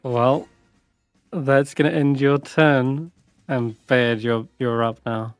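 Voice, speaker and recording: A man narrating as dungeon master in a tabletop game, describing the scene deliberately. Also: medium pitch, fairly even intonation, clean tone, no room sound, faint music behind.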